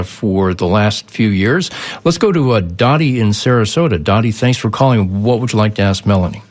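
A man hosting a call-in radio show, talking conversationally and often stammering and repeating words. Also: on the low side. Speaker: radio talk show host.

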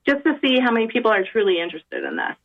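A woman, a university housing director, giving measured and organized answers in a phone interview. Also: medium pitch, huge pitch swings. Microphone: telephone. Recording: tinny phone line.

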